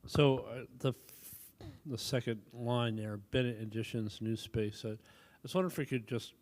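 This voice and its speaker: A man on a school board, making a measured suggestion at a meeting. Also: medium pitch, a little mellow. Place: public meeting room.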